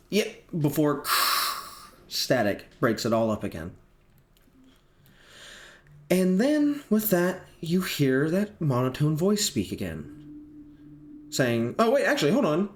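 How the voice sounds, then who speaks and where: A man acting as game master, narrating a tabletop game with frequent pauses and fillers. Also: a little high. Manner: hesitant, filler-heavy narration.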